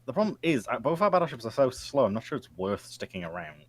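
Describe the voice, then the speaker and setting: Fast animated male gamer, tactical calls. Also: mid-range voice, breathy edge, no room sound. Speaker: player giving tactical calls. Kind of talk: casual game chat.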